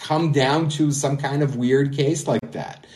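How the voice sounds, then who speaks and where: A man's voice: mid-range voice, steady tone, unhurried, darkish tone. A man co-hosting a call-in podcast, talking casually and rambling with lots of fillers, laughing at his own jokes. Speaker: podcast co-host. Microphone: remote call-in app.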